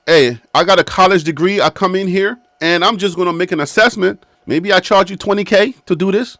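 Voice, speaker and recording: A man's voice: high voice, brisk, a bit bright, no room sound. A man in his fifties hosting a casual sports video from his studio chair. He talks straight at the team with emphatic, repetitive points. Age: 50s. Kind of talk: casual sports commentary to camera. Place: his own studio, seated.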